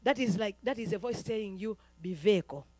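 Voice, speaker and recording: A woman preacher from Uganda, giving a fervent sermon that swings between quiet talk and shouting. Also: fairly high pitch, fast, dry recording.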